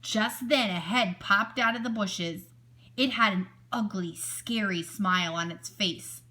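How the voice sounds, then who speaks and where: A woman teacher reading a picture book aloud to children, expressive and asking her listeners questions. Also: mid-range voice, takes it slowly.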